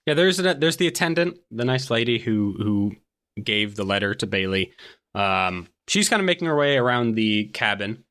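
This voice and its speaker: A man narrating and explaining rules as game master of a tabletop game, in a relaxed way with many fillers. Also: lowish voice, moderate pace.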